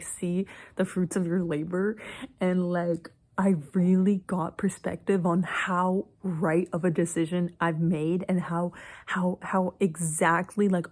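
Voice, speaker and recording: With a lowish, slightly mellow voice, a young woman vlogs casually about her life. She rambles, fills her speech with "like," and drops the odd swear word.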